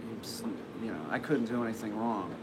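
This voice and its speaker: A man's voice: fairly low pitch, brisk. A man casually telling a personal story, rambling with lots of restarts and fillers. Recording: noisy background ambience.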